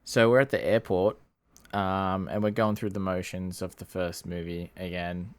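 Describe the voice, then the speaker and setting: Low voiced dude rambling through a movie recap with lots of likes and ums, dry sound. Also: male voice, little pitch movement, moderate pace, dry recording. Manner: rambling, lots of fillers and laughs. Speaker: podcast co-host. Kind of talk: casual movie review chat.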